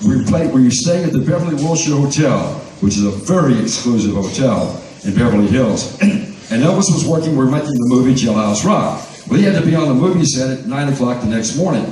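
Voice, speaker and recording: A man's voice: medium pitch, a little mellow. Older man telling stories in an echoey hall. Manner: rambling, keeps clearing his throat. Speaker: guest storyteller at a fan reunion. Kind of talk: anecdotal storytelling to a live audience. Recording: echoey hall from far off, faint noise.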